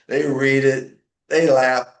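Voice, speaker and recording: A man's voice: mid-range voice, level tone, takes it slowly, creaky. Chatty man telling a comic tale, echoey. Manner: chatty, filler-heavy telling. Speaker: podcast co-host. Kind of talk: comic storytelling.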